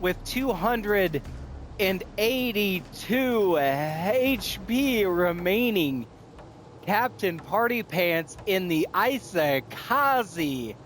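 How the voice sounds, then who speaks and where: A man voicing a grandiose male victory announcer, drawing out each word in a slow proclamation. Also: high voice, expressive, a bit bright, slight background noise, pitched above the performer's own voice, heavily acted.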